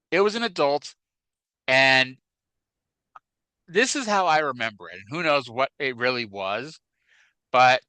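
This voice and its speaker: A man in his forties chats and tells stories on a podcast, with a bright, clean, well-defined voice. The sound is close and dry, with no room around it. He wanders through his tales and keeps adding "like" and "you know.". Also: medium pitch, smooth, no echo, low-quality recording. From northern USA. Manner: rambling storyteller, many fillers like "like" and "you know". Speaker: podcast co-host. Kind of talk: casual chat.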